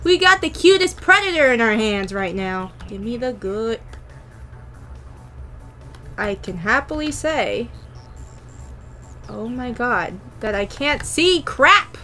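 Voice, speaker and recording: A woman's voice: on the high side, takes it slowly, pauses often, pushed and bright, faint music behind. A young woman giving casual, playful commentary while playing a video game, talking to herself with jokey taunts and sudden squeals. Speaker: gaming YouTuber.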